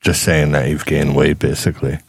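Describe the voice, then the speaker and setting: A man speaking in a slow, laid-back way in a casual chat. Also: rumbling low, little pitch movement, creaky, breathy edge, no room sound.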